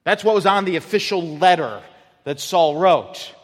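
A man's voice: sits high, moderate pace. A man preaching a sermon as pastor, emphatic and often repeating his words as he builds a point. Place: church sanctuary. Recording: long hall reverb.

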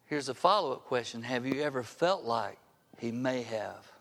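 A man's voice: mid-range voice, lively intonation, normal speed, a bit bright. An older man preaching a sermon as pastor, earnest and full of direct rhetorical questions to his listeners. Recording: long reverb of a large hall.

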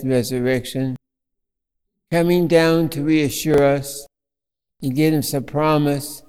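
A man preaching a sermon as a priest, telling a story slowly with fillers and restarts. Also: on the high side, darkish tone, clean tone, in a large hall.

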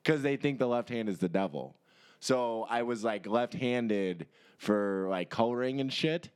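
A man's voice: mid-range voice, animated, measured pace, smooth. Young man with dry quips. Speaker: podcast co-host. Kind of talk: casual comedic chat.

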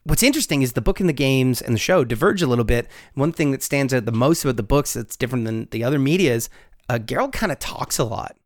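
A man's voice: mid-range voice, lively intonation, quick pace. A man co-hosting a podcast, telling stories in a playful, teasing way. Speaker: podcast co-host. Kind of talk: casual podcast banter.

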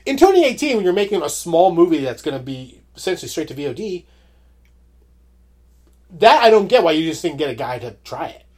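Podcast co-host, male, husky tone, lively pitch, even-tempered delivery. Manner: measured, agreeable, frequent short assents. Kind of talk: casual movie review chat.

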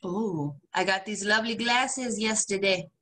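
A woman's voice: medium pitch, unhurried, bright, forceful tone, slight background noise. A woman podcast co-host putting on a genteel 1950s-style lady's voice, with old-fashioned, ladylike phrasing. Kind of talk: casual chat in a put-on voice.

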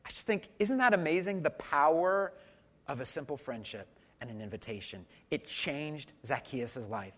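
A man's voice: mid-range voice, lively intonation, normal speed, fairly bright tone. A man preaching a conversational sermon, telling stories and asking the congregation questions. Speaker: pastor.

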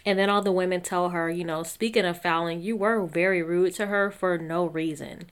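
A woman giving a casual, gossipy recap of a reality show, often quoting the cast in lively put-on voices. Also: fairly low pitch, fairly quick, few pauses, clean tone. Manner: chatty, gossipy, quotes the cast in animated voices.

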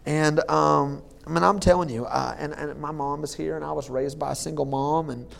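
A man preaching a sermon as lead pastor, joking and laughing at his own jokes, halting with many fillers and restarts. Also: on the high side, steady tone, gravelly, a bit bright.

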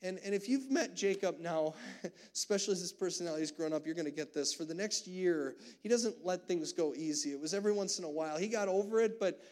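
High-voiced earnest male pastor preaching. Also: quick pace, darkish tone. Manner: earnest storytelling with many restarts, growing emotional. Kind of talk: sermon. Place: church sanctuary.

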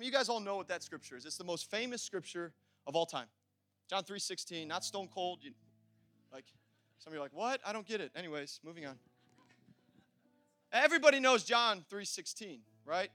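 A man preaching a sermon in an energetic, conversational way, laughing and repeating himself as he talks to the congregation. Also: extremely high pitch, moderate pace, pauses often, no room sound, faint music behind. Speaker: pastor.

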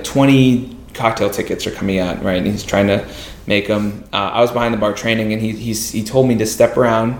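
A man, a podcast guest, telling a story in a casual, animated way and acting out other people's lines. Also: on the low side, a little hiss or hum. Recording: roomy echo.

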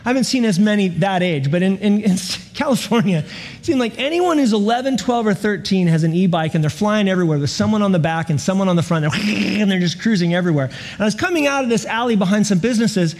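A man preaching a sermon as pastor, telling stories with laughs and repeated stammered words. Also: sits high.

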